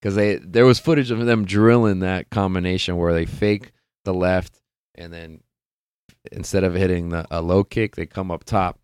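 A man hosting a solo sports podcast, talking casually and excitedly, swearing freely and laughing often. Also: low voice, normal speed, smooth, no echo, studio quality. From California. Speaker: podcast host.

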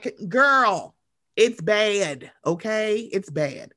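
A man hosting a casual chat, animated and sarcastic, swearing freely and slipping into mocking voices. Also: high voice, unhurried.

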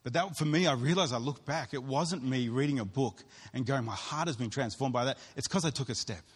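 Husky-voiced man preaching in a reverberant hall. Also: mid-range voice, a little fast. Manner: earnest, storytelling, acts out voices of others. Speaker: pastor. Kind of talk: sermon.

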